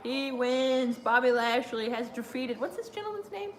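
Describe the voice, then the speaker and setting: Young woman, higher voice, chatty live stream host, giggles, reads chat, echoey room. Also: expressive, normal speed. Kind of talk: casual watch-along commentary. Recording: roomy echo.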